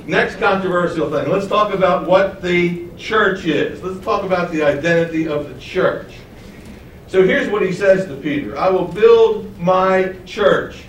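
A man's voice: on the high side, fairly bright tone, reverberant, far from the mic, slight background noise, poor audio. A man preaching a sermon, teaching with rhetorical questions and asking his congregation to follow along. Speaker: pastor.

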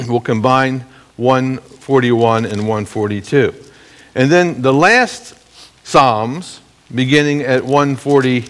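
A middle-aged man teaching a Bible lesson to a congregation, explaining the text in a measured, guiding way. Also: mid-range voice, a bit bright. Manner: measured, explanatory, guides listeners through the text.

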